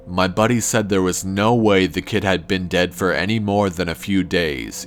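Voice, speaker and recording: A man calmly narrating a first-person horror story in a measured, scripted way. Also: low voice.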